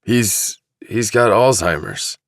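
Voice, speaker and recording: A man's voice: fairly low pitch, takes it slowly, gravelly, no echo, clean studio sound, voice pushed up. A male narrator playing a defensive, cornered young man in an audiobook, speaking in tense, snapping lines. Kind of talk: audiobook dramatization.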